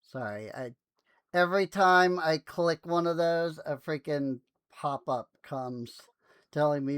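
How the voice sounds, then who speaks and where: A game master narrating a tabletop game over voice chat in a relaxed, chatty way, often laughing. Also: medium pitch, slow pace, clean tone, no echo.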